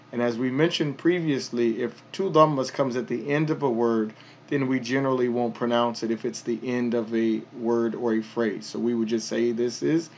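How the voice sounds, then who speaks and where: A man teaching a pronunciation lesson, patiently explaining each sound step by step and repeating words slowly. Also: mid-range voice, highs cut off. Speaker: Arabic teacher.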